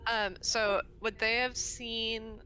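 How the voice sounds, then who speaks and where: Woman, player, bright voice, slow and unhurried, faint hiss behind. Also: on the high side, level tone, clear, resonant tone. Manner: slow, playful, hesitant with fillers. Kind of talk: tabletop role-play.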